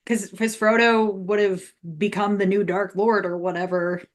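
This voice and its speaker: A woman on a podcast in casual chat, relaxed, laughing often and using many fillers. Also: medium pitch, normal speed.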